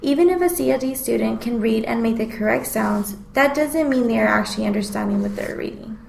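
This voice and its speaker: A woman's voice: fairly high pitch, brisk, gravelly, a little mellow, reverberant, a little hiss or hum, rough recording. A woman student reading a prepared class presentation in an explanatory way. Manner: explanatory, reads prepared text.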